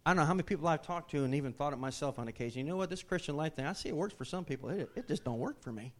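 A man with a notably high-pitched voice delivers a sermon to his congregation. He preaches emphatically, repeating phrases and asking the listeners questions. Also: lively intonation, very fast. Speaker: pastor.

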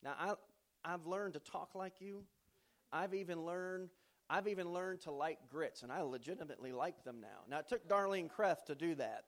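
A man with a high-pitched voice preaches a sermon in a church. He tells stories in a folksy, joking way, then rises into emphatic preaching. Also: normal speed. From not from the American South. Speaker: pastor.

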